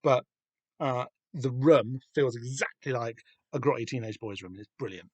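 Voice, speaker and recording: With a mid-range voice at a moderate pace, a man with a Southern English accent hosts a podcast and chats eagerly about a comic. He swears freely and rambles with many fillers, and there's no room sound.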